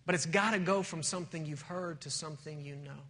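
A man's voice: fairly high pitch, fast, a bit bright, long reverb tail. A male pastor preaching a sermon, telling a story and building to emphatic, rising points.

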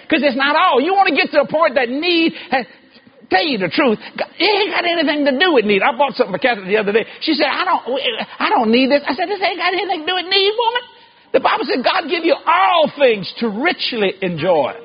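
A middle-aged man preaching a sermon in an animated storytelling way, shouting and laughing as he goes. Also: very high-pitched, a little fast. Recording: dull lo-fi recording.

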